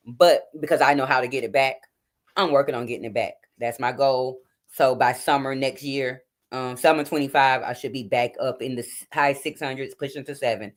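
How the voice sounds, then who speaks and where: A woman in her forties hosting a casual livestream from home at night, chatting informally and talking straight to her viewers. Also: extremely low pitch. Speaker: livestream host. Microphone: phone or webcam.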